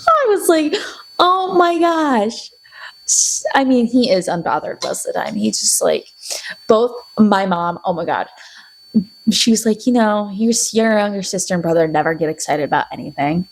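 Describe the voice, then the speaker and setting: A chatty young woman talking to her camera in a casual diary vlog, with a soft, breathy tone. She rambles from one story to the next and slips into little voices for the people she quotes. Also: mid-range voice, lively intonation, measured pace, low-quality recording. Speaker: video diarist.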